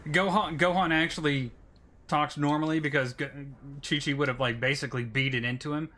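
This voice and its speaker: A man chats loosely while streaming a game, rambling from joke to joke. His voice is bright and sits high for a man. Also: fairly even intonation, brisk. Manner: rambling, joking. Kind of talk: casual gaming chat.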